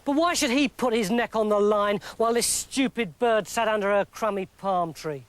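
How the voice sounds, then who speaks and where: An English man telling a comic story in a lively, mock-dramatic narrating voice. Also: high-pitched, moderate pace, no echo.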